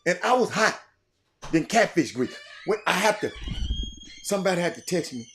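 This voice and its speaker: An older man giving an impassioned monologue as a show host, repeating himself and swinging between loud outbursts and quiet, reflective stretches. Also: sits high, sing-song, moderate pace, background noise. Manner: fiery, repetitive, swinging from shouting to quiet.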